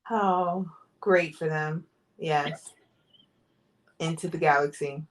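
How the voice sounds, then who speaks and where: A woman's voice: low voice, steady tone, takes it slowly, a little hiss or hum. A woman co-host in casual pop culture chat, blunt and dryly sarcastic.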